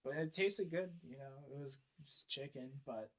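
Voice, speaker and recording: A young man talks in a loose, rambling way, cussing freely as he tells a story. His pitch sits at an everyday middle for a man. It is casual podcast chat. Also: normal speed. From United States. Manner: rambling storyteller, crude and laid-back. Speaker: podcast guest.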